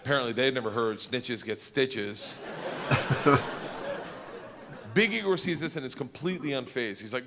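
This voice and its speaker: A man doing stand-up storytelling, loud and animated, acting out the voices in his story. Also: medium pitch, normal speed, long pauses, in a large hall, crowd noise. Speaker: stand-up comedian.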